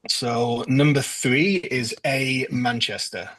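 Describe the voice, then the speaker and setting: Man, husky, quiz host, hesitant with ums, video call, casual. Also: medium pitch, slow pace, a bit bright, no echo, poor audio. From northwest England. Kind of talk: casual quiz answer rundown.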